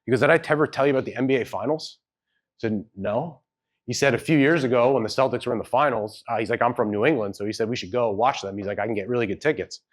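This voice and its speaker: A man who has children speaks fast in a mid-range voice during a storytelling keynote at a live event, with an audience in the hall. He tells a personal story loosely and conversationally, hedging and acting out quoted dialogue.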